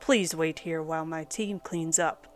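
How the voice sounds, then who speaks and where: A woman's voice: steady tone, unhurried. A woman voicing a huge, formal male mercenary in a wolf mask who speaks with a thick Mexican accent, over faint music. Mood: calm. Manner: booming and formal.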